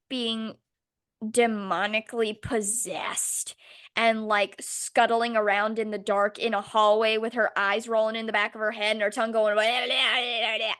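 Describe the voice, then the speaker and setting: A young woman co-hosting a podcast, ranting sarcastically in a casual, animated chat with some swearing. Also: medium pitch. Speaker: podcast co-host.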